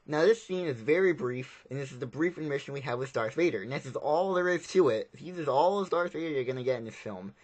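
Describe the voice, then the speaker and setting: Man, casual film review, middle pitch, rambling, repetitive, plain-spoken.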